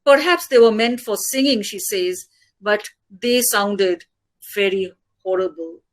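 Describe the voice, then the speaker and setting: A woman speaker at an academic webinar, reading her lecture paper in a measured way and quoting passages. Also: medium pitch, rough recording. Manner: slow, measured delivery with quoted passages. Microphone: video call.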